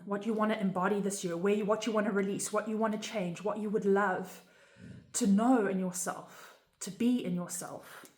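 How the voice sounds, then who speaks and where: A woman's voice: medium pitch, a little mellow. Earnest woman teaching in an echoey room. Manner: earnest, conversational, often ends with "right?". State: emotional, near tears. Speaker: spiritual teacher. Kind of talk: casual instructional talk.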